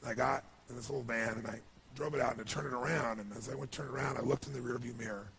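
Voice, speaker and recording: A man's voice: medium pitch, fairly even intonation, fast talker, creaky, over a noisy crowd. A man giving an earnest, emotional storytelling speech as a motivational speaker, with lots of "you know.".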